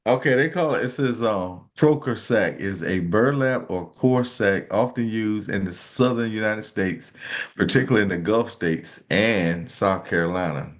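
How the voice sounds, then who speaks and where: A man's voice: on the low side, moderate pace. A middle-aged man co-hosting a podcast in casual chat, laughing a lot, loose and playful, with folksy slang. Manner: laughing, animated, Southern-tinged slang. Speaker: podcast co-host.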